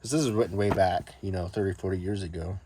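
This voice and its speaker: Soft-spoken man musing over his books. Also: deep voice, fairly even intonation, background noise. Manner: soft-spoken, meandering, many ums and restarts; reads old newspaper text aloud in a measured tone. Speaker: book collector showing his collection. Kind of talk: casual, unscripted talk about his books.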